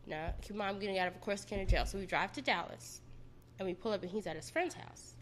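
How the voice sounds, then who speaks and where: A woman's voice: mid-range voice, quick pace. A woman recounting her own experience in plain, unpolished talk. She is blunt and freely profane, with a voice of ordinary height for a woman. A faint noise sits behind her. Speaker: storyteller. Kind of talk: casual personal storytelling.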